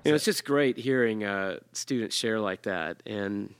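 A man hosting a casual podcast, talking in a relaxed, rambling way with his guest. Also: lowish voice, measured pace, slight background noise. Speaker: podcast host.

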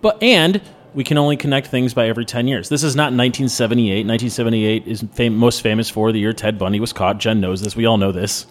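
A man's voice: mid-range voice, quick pace. A man in his thirties hosts a podcast in loose, casual chat. He talks bluntly and opinionatedly, spinning his points into jokey rants. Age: 30s. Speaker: podcast host.

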